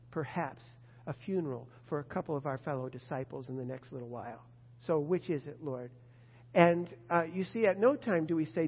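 A man preaching a sermon in a conversational way, asking rhetorical questions with animated swings in loudness. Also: high voice, creaky, breathy edge. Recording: muffled lo-fi recording in reverberant hall.

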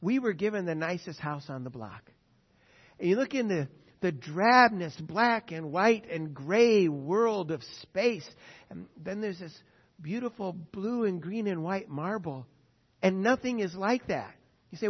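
A man preaching a sermon with an animated, emphatic delivery, often acting out quotes. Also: fairly high pitch, normal speed, slightly rough. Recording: dull lo-fi sound with long reverb.

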